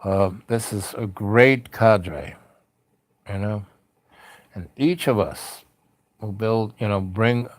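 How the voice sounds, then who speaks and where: A man's voice: lowish voice, slow pace, pauses often, dry recording. A man hosting a late-night spiritual livestream, talking in a loose, meandering, heartfelt way with many fillers. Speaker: livestream host. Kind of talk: rambling spiritual livestream talk.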